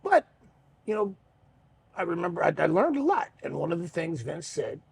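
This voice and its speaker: Casting: middle-aged male podcast host, deep gravelly fry, slightly high-set voice, loose and profane storyteller. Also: moderate pace, a little hiss or hum. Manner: relaxed, rambling, swears freely, many fillers. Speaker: podcast host and pro wrestler. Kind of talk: casual storytelling chat.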